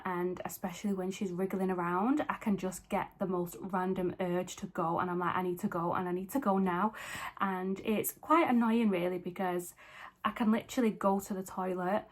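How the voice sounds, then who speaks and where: A young woman, talking casually to camera in a vlog. She is chatty and candid, with frequent fillers, and she is pregnant and short of breath. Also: mid-range voice. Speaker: fitness vlogger.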